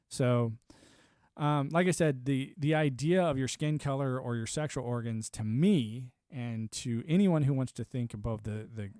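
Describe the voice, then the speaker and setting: A man's voice: fairly high pitch, dry recording, clean studio sound. A young man hosting a livestream, rambling sardonically through a casual political rant and swearing freely. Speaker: livestream host.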